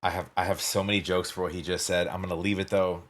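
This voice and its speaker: A man's voice: deep voice, little pitch movement, quick pace, background noise. Laid-back man reacting with jokes. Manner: chatty, laughing, joking asides. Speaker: reaction video host. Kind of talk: casual reaction commentary.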